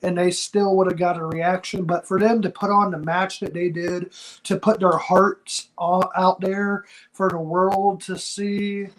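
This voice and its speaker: A man with a high voice speaks in casual podcast chat as a wrestling show co-host. He talks earnestly and from the heart, full of slang. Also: level tone, a little slow, low-quality recording.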